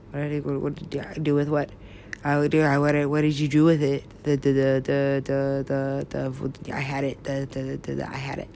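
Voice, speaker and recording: A woman's voice: low voice, vocal fry, a little mellow, a little hiss or hum. A woman talking in a meandering, giggly way, swearing freely and trailing off into mumbles. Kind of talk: rambling casual talk.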